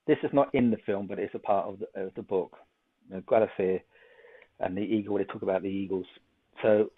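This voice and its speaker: A man hosting a psychic show, chatty and joking as he gives card readings and runs a quiz over a video call. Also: lowish voice. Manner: chatty, joking, thinks aloud. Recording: tinny phone-like line.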